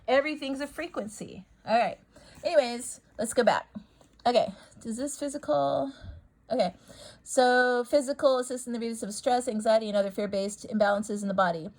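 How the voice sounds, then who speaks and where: A woman's voice: a little high, a little fast, darkish tone, poor audio. A woman talking casually about healing stones and affirmations, rambling and repeating herself for emphasis. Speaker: spiritual video host.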